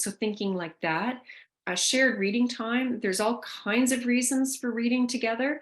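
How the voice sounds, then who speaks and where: A woman's voice: fairly high pitch, a little slow. A woman presenting a caregiver workshop, talking loosely with fillers and restarts. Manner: conversational, thinks aloud with fillers and restarts. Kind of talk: online workshop talk.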